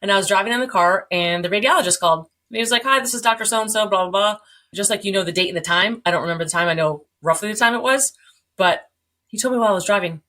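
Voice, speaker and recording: A woman in her forties telling her story as a podcast guest, animated, acting out quoted dialogue, swearing and laughing along the way. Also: mid-range voice, fast talker. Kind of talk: candid storytelling.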